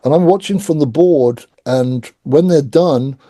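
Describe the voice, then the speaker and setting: Man telling lively band stories. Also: fairly high pitch, a little slow, dry recording. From England. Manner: animated anecdotes, acts out quoted voices. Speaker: guest. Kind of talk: casual storytelling interview.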